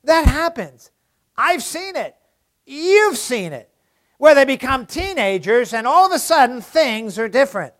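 High-voiced emphatic male preacher. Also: sing-song, a little slow. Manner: emphatic, swings from loud stresses to hushed asides; repeats key phrases for emphasis. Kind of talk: sermon.

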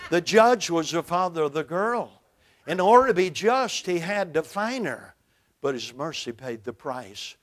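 Older male preacher from Brooklyn, high-pitched and emphatic, booming then hushed, pulpit sermon. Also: sing-song, a little slow. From Brooklyn, New York. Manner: emphatic, dramatic swings in loudness. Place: church, behind a pulpit.

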